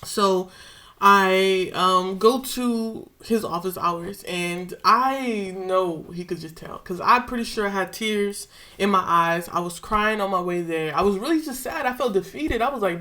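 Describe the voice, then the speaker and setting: A woman's voice: mid-range voice, unhurried. Young woman telling an emotional story. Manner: emotional, animated retelling with slang. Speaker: vlogger. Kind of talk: casual storytelling.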